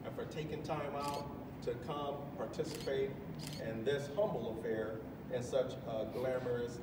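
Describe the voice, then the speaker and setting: A man in his fifties giving an emotional retirement speech, warmly thanking friends and colleagues and laughing often. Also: medium pitch, steady tone, moderate pace. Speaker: retiring chief master sergeant giving his farewell speech. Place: large ceremony hall on a military base. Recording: echoey hall from far off, with crowd and noise. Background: audience murmuring and laughing.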